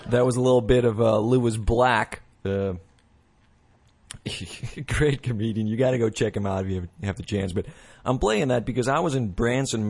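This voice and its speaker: A man's voice: on the low side, darkish tone. A man hosting a show, talking in a rambling casual monologue with many restarts and mocking little voices. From United States. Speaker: podcast host.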